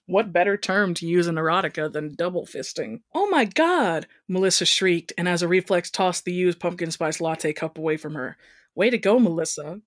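Giggly lady cohost reading bits out loud and cracking jokes. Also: fairly low pitch, fairly even intonation, a little fast, no room sound, clean studio sound. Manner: giggly, reads excerpts aloud with quips. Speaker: podcast co-host. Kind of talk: casual comedic book review. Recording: home recording with thumping from upstairs.

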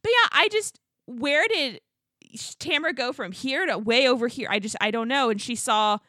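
A woman's voice: high voice, animated, normal speed, pushed and bright, no room sound, studio quality. A woman co-hosting a podcast, chatting casually and animatedly, laughing often and mimicking people as she retells scenes. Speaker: podcast co-host. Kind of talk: casual chat.

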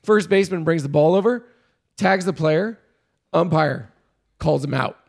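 A man casually telling a story about coaching youth baseball, animated and laughing often, getting loud when he reenacts yelling. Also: on the high side, unhurried, creaky.

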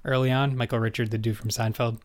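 A man's voice: mid-range voice, quick pace, dry recording. Young man chatting casually, dry sound. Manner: relaxed, recounts facts with filler words. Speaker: podcast co-host. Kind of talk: casual chat reviewing an old sitcom.

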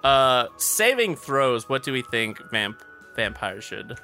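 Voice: medium pitch, very animated, takes it slowly, pushed and bright, soft background music. A speaker in casual chat about designing a tabletop game class, playful and laughing often. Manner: playful, laughing, riffs into silly voices.

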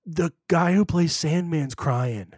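A man's voice: fairly high pitch, takes it slowly, a little mellow, breathy edge, no room sound, studio quality. A young man co-hosting a podcast, rambling emotionally through a movie retelling with lots of fillers. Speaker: podcast co-host. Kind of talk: casual chat.

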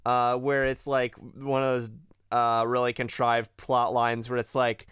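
A man's voice: mid-range voice, completely flat delivery, a little slow, a bit bright, clean tone, no echo, studio quality. A man co-hosting a podcast in a casual chat, explaining events at length with many fillers. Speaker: podcast co-host. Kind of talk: casual chat recapping a video game.

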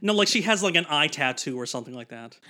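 A man's voice: a little high, lively intonation, quick pace, bright, forceful tone. A man co-hosting a casual movie review, trading dry, joking quips.

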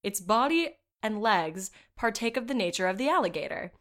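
A woman co-hosting a casual podcast with a middle-pitched voice. She reads old accounts aloud and keeps breaking off into laughter and swearing asides. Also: sing-song, moderate pace, a bit bright. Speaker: podcast co-host.

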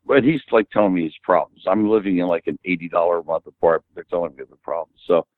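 A man in his seventies, an interview guest, telling animated anecdotes and acting out the dialogue. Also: low-pitched, fast talker, no room sound. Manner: animated anecdote teller who acts out quoted dialogue. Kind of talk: casual storytelling interview. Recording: tinny phone-like dry audio.

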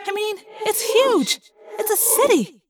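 A woman voicing a bold, fiery teenage girl who exclaims loudly. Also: very high-pitched, expressive, a little fast, noisy background, voice pushed up. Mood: astonished. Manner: loud, exclaiming.

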